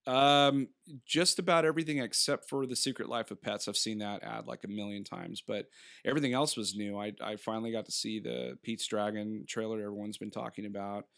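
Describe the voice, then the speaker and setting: This thirty-something podcast co-host has a fairly low, brisk voice with vocal fry, a slightly bright edge and a clean tone. He chats casually and rambles through a movie review, laughing a lot and acting out bits of dialogue.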